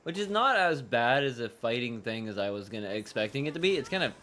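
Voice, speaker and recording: A man's voice: mid-range voice, very animated, quick pace, sharp tone. A man giving casual, rambling commentary as he plays a video game, repeating himself and swearing now and then. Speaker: gaming streamer.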